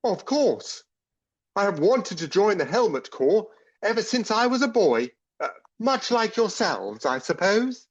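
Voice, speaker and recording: A man voicing a keen young first-year soldier, bubbling with polite, old-fashioned cheer. His pitch bounces lively up and down. The sound is a touch dull and muffled, like a rough home recording. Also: a little slow, full character voice. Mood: cheerful. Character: eager naive young male first-year recruit. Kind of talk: audio comedy acting.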